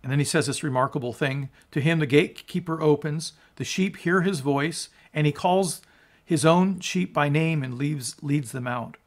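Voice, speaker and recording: A man preaching as a pastor, reading scripture aloud and explaining it in an earnest sermon, often restarting words and dropping low at the ends of phrases. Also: normal speed. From United States. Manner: earnest, rises in emphasis on quotes, drops low at phrase ends.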